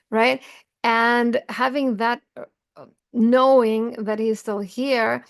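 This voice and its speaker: A woman's voice: on the high side, fairly even intonation, takes it slowly, clear, resonant tone. A middle-aged woman coach talking earnestly to camera about feelings, smiling as she speaks, recorded over a video call. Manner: earnest, warm-hearted, smiling while talking about grief. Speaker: self-help coach. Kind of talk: casual talk to camera.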